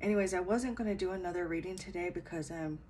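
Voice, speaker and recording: A tired woman giving a casual late-night spiritual talk at home, speaking softly and hesitantly with many fillers, then guiding a meditation. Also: fairly low pitch, fast, slight background noise, rough recording. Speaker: spiritual reader.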